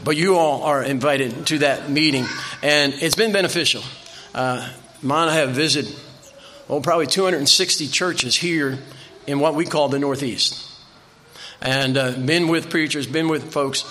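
An older male preacher tells folksy stories from the pulpit, circling back and repeating phrases for emphasis. His voice is bright and forceful, sitting a little high for a man. He speaks to a church congregation. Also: moderate pace, a little hiss or hum. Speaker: visiting preacher. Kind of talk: sermon.

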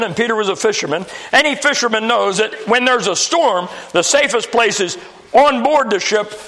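A man's voice: high-pitched, pushed and bright. A man preaching a sermon in a church, folksy and storytelling with touches of humor.

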